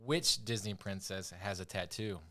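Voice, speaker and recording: A man's voice: on the low side, moderate pace, sharp tone. A man co-hosting a casual podcast, running a trivia quiz and teasing the others with frequent laughs. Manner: teasing quizmaster, laughs often.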